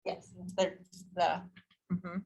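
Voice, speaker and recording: A woman teaching Sanskrit pronunciation to a class in a casual, chatty way. She repeats each sound slowly so students can copy it, laughs easily and is upbeat. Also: lowish voice, completely flat delivery, gravelly, darkish tone, slightly rough. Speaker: yoga teacher training instructor.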